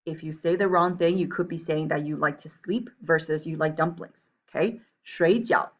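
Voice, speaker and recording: A woman's voice: low-pitched, fairly even intonation, normal speed, highs cut off. Explanatory woman teacher with a Jersey accent. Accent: New Jersey. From grew up between Taiwan and the United States. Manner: explanatory, checks in with "right?" and "okay?". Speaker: Chinese language teacher. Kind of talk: recorded lesson, reading from a textbook.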